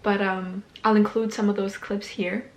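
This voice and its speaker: A woman's voice: mid-range voice, level tone, moderate pace. A young woman from Denmark, chatting upbeat to camera as a vlogger and saying "like" a lot. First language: Danish. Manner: chatty, upbeat, says "like" often. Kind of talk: casual talk to camera.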